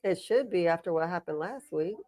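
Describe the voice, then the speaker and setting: A woman's voice: fairly low pitch, a little fast, warm tone. A woman co-hosting a wrestling watch-along in casual commentary, making dry, teasing remarks.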